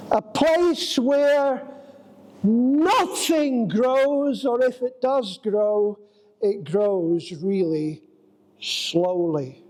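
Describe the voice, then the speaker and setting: High-voiced man preaching slowly. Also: a little hiss or hum, poor audio. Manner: anecdotal storytelling, drawn-out dramatic phrasing. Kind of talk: sermon. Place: church.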